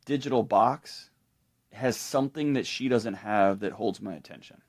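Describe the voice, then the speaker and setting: A middle-aged man explaining ideas as a podcast guest, telling stories in a lively way and acting out the people he quotes. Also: fairly low pitch, normal speed. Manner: animated storytelling, acts out quoted people. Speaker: guest expert. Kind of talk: conversational explanation.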